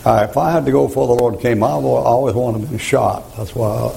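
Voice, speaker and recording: A man's voice: mid-range voice, quick pace, vocal fry, low-quality recording. An older man preaching a folksy sermon full of stories, chuckling as he talks. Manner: folksy storytelling, chuckling, rising to shouted rhymes.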